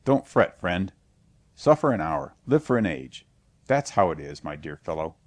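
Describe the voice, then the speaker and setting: A man's voice: fairly low pitch, sing-song, moderate pace, darkish tone, dry recording. A man voicing a kindly little peasant soldier with a tender, sing-song way of speaking.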